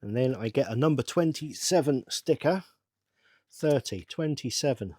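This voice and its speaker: A middle-aged man, rambling to himself in a casual build-along chat with bursts of excitement. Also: mid-range voice, moderate pace, no room sound, studio quality. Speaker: channel host.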